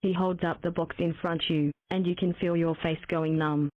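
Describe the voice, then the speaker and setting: A text-to-speech game narrator with a synthetic woman's voice, pitched a little low, delivers game text evenly and mechanically at normal speed. It's a dry recording with a tinny, phone-like, close quality and no surrounding room.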